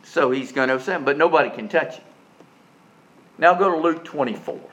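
A man preaching a sermon, folksy and emphatic, jumping from quiet asides to loud stressed lines and often repeating words as he starts a sentence. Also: fairly high pitch, lively intonation, brisk, muffled recording.

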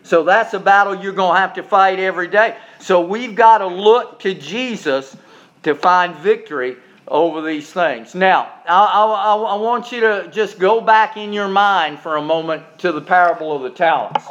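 A preacher man with a high voice delivers a sermon, folksy and emphatic, turning to his listeners with asides. The sound is dull and lo-fi, like an older recording. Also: moderate pace, a bit bright.

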